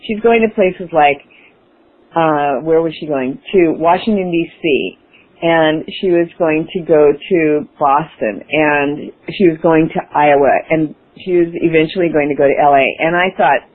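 A woman's voice: low voice, normal speed. A woman guest in an interview, telling a personal story with enthusiasm, laughing and acting out her past self. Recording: phone-like radio broadcast.

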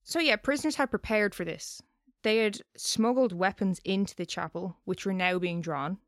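A woman's voice: medium pitch, moderate pace, no echo, studio quality. A woman co-hosting a podcast, telling a story in a loose, chatty way and swearing casually. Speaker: podcast co-host.

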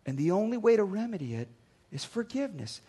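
Guy pastor preaching, high voice, gets loud when he acts out little back-and-forth dialogues. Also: big pitch swings, fast, breathy edge. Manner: dynamic preaching, acts out dialogues with rising volume. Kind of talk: sermon.

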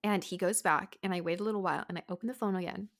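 A woman hosting a podcast, telling a story in casual chat, animated, swearing and saying "like" a lot. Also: medium pitch, rapid-fire. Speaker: podcast host.

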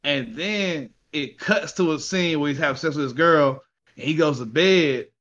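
Animated slangy man telling a story. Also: fairly high pitch, moderate pace, lo-fi sound. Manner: animated storytelling, swearing and laughing; slangy, says y'all and ain't. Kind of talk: casual chat.

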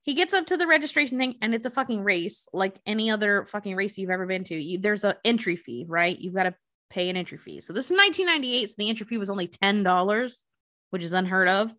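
A woman's voice: medium pitch, lively intonation, fast, fairly bright tone. A woman hosting a podcast, casually and profanely retelling a movie plot, slipping into the characters' voices. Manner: profane, chatty, acts out characters' lines. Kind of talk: casual movie recap storytelling.

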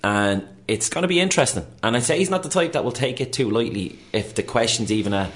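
Fast-talking Irish man chatting sport. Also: medium pitch. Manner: quick, animated, chatty. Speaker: radio sports pundit. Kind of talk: casual sports chat.

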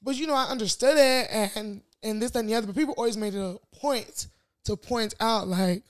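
A young woman from the US chatting as a podcast co-host. Her voice sits fairly high, and she talks in a loose, rambling way, full of fillers and restarts. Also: brisk. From United States. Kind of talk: casual chat.

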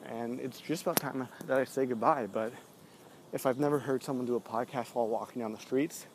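A man's voice: medium pitch, a little fast. Male host talking to himself on a city walk, breathless and rambling, over noisy traffic. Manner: rambling, chatty, self-mocking. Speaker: podcast host. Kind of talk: walking podcast monologue. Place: city streets outdoors, then stairwell. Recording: noisy street recording. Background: street traffic and clicks.

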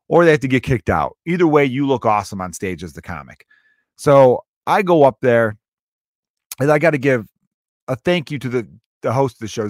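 A man who is a stand-up comedian, telling a story in a casual, profane, animated way and acting out the quotes. He speaks as someone grieving. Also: medium pitch, no room sound, clean studio sound.

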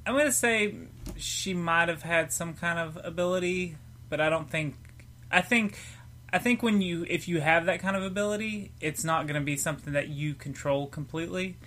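A man hosts a casual podcast chat with a bright, forward tone. He laughs easily and steers the group with questions. Faint noise hums under the recording. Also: fairly high pitch, moderate pace. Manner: laughs often, leads the discussion with questions. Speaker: podcast host.

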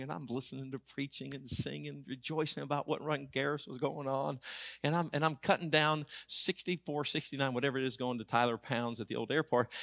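A man's voice: medium pitch, vocal fry, no echo, studio quality. A middle-aged man, preaching a sermon in an auditorium through humorous, emphatic personal stories. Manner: animated, humorous, emphatic storytelling. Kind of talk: storytelling sermon.

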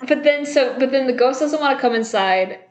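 A woman's voice: sits high, fairly quick, roomy sound. A young woman in casual conversation, retelling a film scene by scene, acting out the characters' lines, swearing and laughing. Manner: animated, acts out quotes, swears, laughs. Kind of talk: casual movie discussion chat.

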